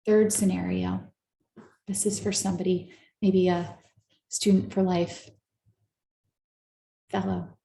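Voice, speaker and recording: A woman therapist giving an earnest, coaching talk to a live audience, slowing down to stress her points. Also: lowish voice, little pitch movement, creaky, dark tone, echoey room, a little hiss or hum. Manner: earnest, coaching, slows down for emphasis. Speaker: therapist and speaker.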